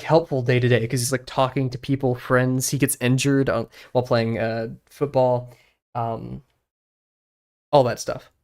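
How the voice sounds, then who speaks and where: Young man chatting while he draws. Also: mid-range voice. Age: young adult. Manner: rambling, many fillers, muttering while sketching. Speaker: streamer drawing live. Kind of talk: casual chat while drawing.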